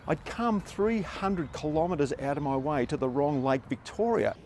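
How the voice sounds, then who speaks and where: An older Australian man telling a story in a relaxed, wry, conversational way. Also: fairly high pitch, normal speed, slight background noise. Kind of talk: casual spoken storytelling.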